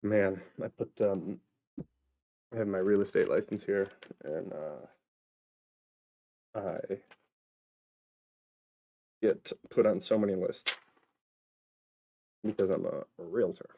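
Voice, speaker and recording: Mellow low-voiced man rambling playfully. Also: takes it slowly, vocal fry, long pauses. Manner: rambling, playful, chatty asides to viewers. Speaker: vlogger and actor. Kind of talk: casual solo vlog monologue. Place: at home, indoors.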